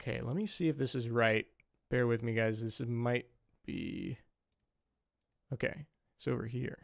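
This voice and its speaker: A man's voice: medium pitch, moderate pace, vocal fry. A young man chatting casually on a livestream as a saxophonist, rambling with lots of "like" and "um". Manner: rambling, full of "like" and "um". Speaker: saxophonist streamer.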